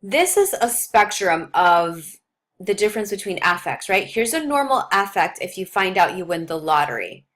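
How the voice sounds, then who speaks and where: A woman's voice: mid-range voice, expressive, normal speed, fairly bright tone. A woman who teaches nursing, lecturing on a topic and mixing in stories from her own clinical work, with frequent fillers. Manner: explains with personal clinical stories, many fillers. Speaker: nursing instructor.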